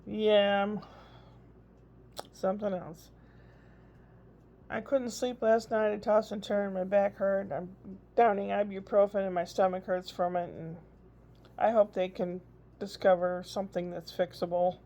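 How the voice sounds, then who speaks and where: A woman's voice: medium pitch, flat delivery, unhurried, pauses often, dark tone. An older woman, a grandmother, chatting in a rambling, casual video diary. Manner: chatty, rambling, frequent laughs. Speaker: vlogger. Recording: dull lo-fi recording.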